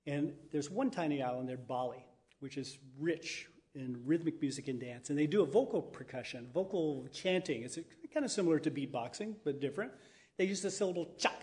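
A man's voice: fairly high pitch, fairly quick, darkish tone. Man leading rhythmic chants. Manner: chants rhythms and calls on the audience to join in. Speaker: music and dance teacher. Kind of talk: interactive talk leading an audience.

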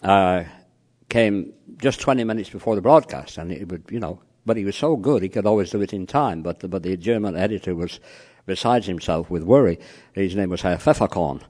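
Here a man speaks briskly in a low-pitched, slightly mellow voice. He's addressing a live audience on cross-cultural communication, telling stories, testing the room with questions, and saying "you know" over and over.

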